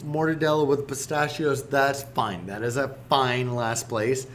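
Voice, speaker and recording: A man hosting a casual podcast chat, animated and teasing with plenty of swearing. His voice sits at an ordinary middle pitch. There is a faint background noise behind him. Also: unhurried. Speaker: podcast host. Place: restaurant.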